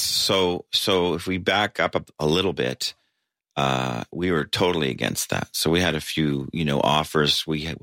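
Deep, bright-edged male musician, rambling storyteller, dry close sound. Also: no room sound. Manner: rambling, frequent restarts and fillers, laughs. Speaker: band member interviewed. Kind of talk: casual interview storytelling. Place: basement of a tavern.

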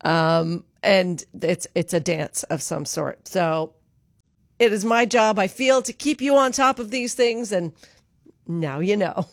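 Chatty woman morning host, unhurried, laughs a lot, dry booth sound. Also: mid-range voice, expressive, dry recording. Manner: chatty, laughs often, corrects herself. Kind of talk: casual radio chat. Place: radio studio.

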